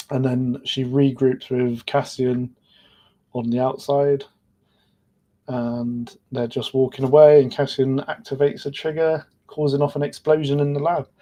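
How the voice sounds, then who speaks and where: A man's voice: medium pitch, dark tone. A man retelling events of a series in a loose, rambling podcast recap, filling his sentences with "like". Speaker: podcast panelist. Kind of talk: casual episode recap.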